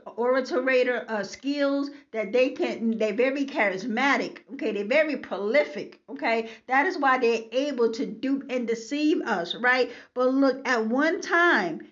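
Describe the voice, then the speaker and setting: A woman's voice: sits high, a bit bright. A woman preaching on a scripture passage, emphatic and repetitive, often checking in with the listener, heard on a slightly dull lo-fi recording. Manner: emphatic, repeats "okay?" to the listener. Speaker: Bible teacher.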